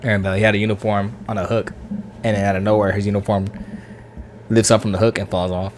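A young man in casual podcast chat, telling stories with animated quoted voices. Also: fairly low pitch, quick pace, background noise. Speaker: podcast co-host.

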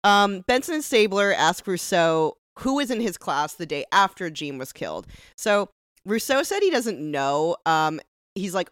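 A woman's voice: lowish voice, lively intonation, normal speed, dry recording. Playful woman recapping with a dry sound. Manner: playful, jokey, acts out lines in quotes. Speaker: podcast co-host. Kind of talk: casual recap chat.

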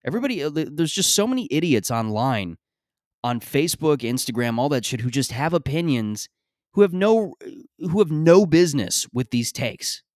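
A man hosting a podcast, telling stories in a rambling, profane, animated way, often stammering and restarting his sentences. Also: a little high, moderate pace, dry recording, clean studio sound. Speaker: podcast host. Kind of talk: casual comedic monologue.

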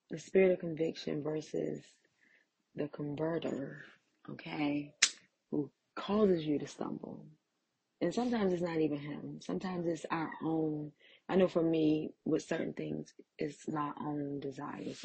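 A woman sharing a candid, confessional faith testimony as a podcast host, with a raspy, gravelly voice. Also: low voice, warm tone, poor audio. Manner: candid, confessional, self-deprecating. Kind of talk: faith-based personal testimony.

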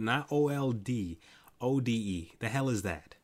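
A man's voice: on the low side, normal speed. A man hosting a late-night solo podcast, ranting in an exasperated, profane way with many restarts, tired and yawning. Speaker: podcast host. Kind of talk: casual solo commentary.

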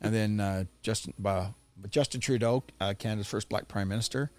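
A man's voice: lowish voice, brisk, a little mellow, no room sound. A man hosting a podcast, telling a profane, rambling story in casual chat. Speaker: podcast host. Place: studio.

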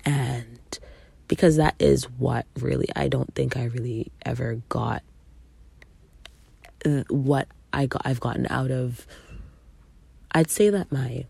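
Low gravelly-voiced young woman podcaster. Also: steady tone, slow, long pauses, warm tone, no room sound. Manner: candid, swears freely, acts out quotes with big pitch jumps. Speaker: podcast host. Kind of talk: casual solo podcast talk.

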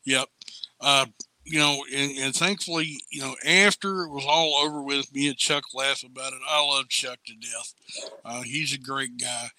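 A man, a guest distiller, telling stories in a casual, blunt, salty way that turns animated when he retells events. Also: mid-range voice, normal speed, a little hiss or hum. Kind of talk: casual storytelling.

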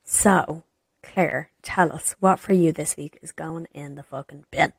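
A woman's voice: deep voice, steady tone, unhurried, vocal fry, breathy edge, no room sound. A woman in her thirties with an Irish accent, co-hosting a podcast and ranting in an exasperated, sweary way. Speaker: podcast co-host. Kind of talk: casual chat.

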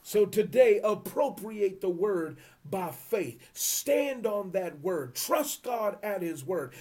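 A man's voice: sits high, lively intonation, slow pace, hardly any pauses, a little mellow. A man preaching a sermon, fervent and emphatic, repeating his phrases for emphasis. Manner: drops to a whisper at times.

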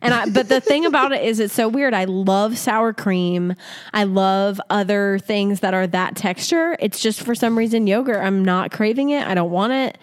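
A woman co-hosting a casual podcast, her voice sitting at an ordinary middle pitch. She talks bluntly and emphatically, teasing her partner with firm, flat refusals. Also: moderate pace. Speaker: podcast co-host. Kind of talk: casual chat.

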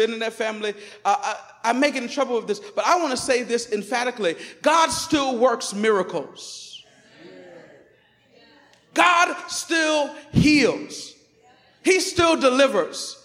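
A man preaching a sermon as pastor in a church, emphatic, swinging between loud declarations and quiet asides. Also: extremely high pitch, big-room sound. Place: church sanctuary.

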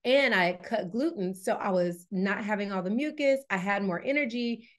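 A woman's voice: mid-range voice, normal speed. Chatty woman telling stories. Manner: lively storyteller, laughs often, many fillers. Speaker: podcast guest, wellness coach. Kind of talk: casual interview chat.

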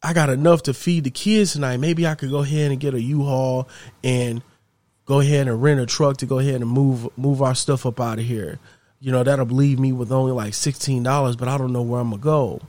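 Brief: anxious struggling mom, low subdued voice, played by a man, dry sound. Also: steady tone, a little fast, darkish tone, no echo, close to an everyday voice. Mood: worried. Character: struggling mother, anxious and doubtful.

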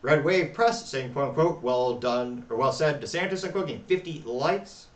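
A man hosting a talk show, reading social media replies aloud with wry, deadpan asides. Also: mid-range voice, moderate pace, roomy sound, far from the mic. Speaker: podcast host.

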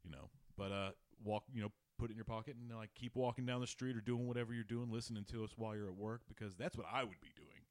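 A man with a fairly low voice hosts a loose, casual sports podcast. He rambles, swears freely and breaks into laughter. The sound is dry and close to the mic. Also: steady tone, fast talker, few pauses, no echo. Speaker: podcast host.

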